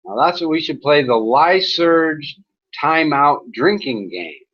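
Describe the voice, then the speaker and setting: A man's voice: on the high side, sing-song, moderate pace, breathy edge. A man hosting an online chat, talking casually, laughing often and mocking a troublemaker in crude language. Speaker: chat room host. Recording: dull lo-fi sound.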